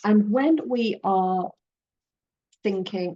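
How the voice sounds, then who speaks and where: A woman guiding a creative journaling workshop in a gentle, encouraging, loosely conversational way. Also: lowish voice, moderate pace, dull audio, a little hiss or hum. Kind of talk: guided creative workshop talk.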